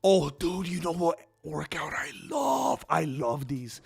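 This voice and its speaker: A man hosting a casual livestream, chatting in a rambling, excitable way and calling viewers dude and bro. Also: fairly high pitch, slow pace, creaky, breathy edge. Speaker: streamer host.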